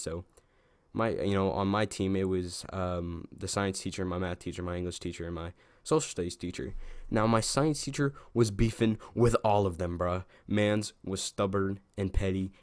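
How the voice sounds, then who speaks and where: A man's voice: deep voice, no room sound. A young man casually telling a story from his school days to his channel, slangy and rambling, with many fillers and restarts. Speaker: storytime vlogger.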